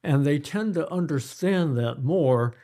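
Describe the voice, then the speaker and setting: An older man, a pediatrician guest, telling stories in an unhurried way and repeating his key phrases during an interview. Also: a little high, expressive, warm tone. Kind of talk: conversational interview.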